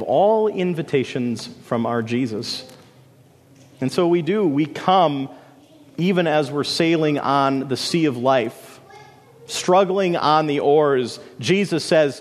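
A man's voice: medium pitch, unhurried. Dramatic preaching man in a reverberant hall. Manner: dramatic storytelling preacher, swinging between soaring and hushed. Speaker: pastor. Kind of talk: sermon.

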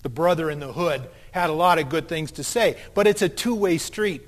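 A man's voice: a little high, expressive, moderate pace. A man preaching a sermon as a pastor, telling stories in a conversational way. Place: church sanctuary. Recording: long church reverb.

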